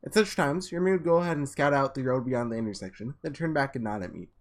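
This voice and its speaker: A man with a slightly hoarse, under-the-weather voice reads a visual novel aloud with casual asides, sometimes tripping over and restarting words. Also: mid-range voice, fast talker. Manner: casual, trips and restarts words while reading. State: voice a little sick, slightly hoarse. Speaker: let's player.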